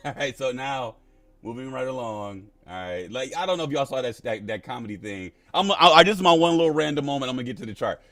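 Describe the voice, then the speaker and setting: A man's voice: medium pitch, expressive, fast talker. A man hosting a live crypto stream in a casual, playful, slangy way, laughing often.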